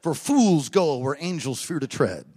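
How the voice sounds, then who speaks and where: A man preaching a sermon, telling stories with animated energy, bursts of laughter and emphatic repeated declarations. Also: on the high side, a little slow, breathy edge.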